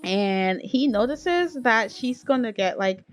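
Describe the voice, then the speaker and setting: A woman's voice: on the high side, animated, slow, faint music behind. A young woman narrating a life-sim game in casual let's-play style, chatty and playful, laughing and talking straight to her viewers. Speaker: gaming video creator.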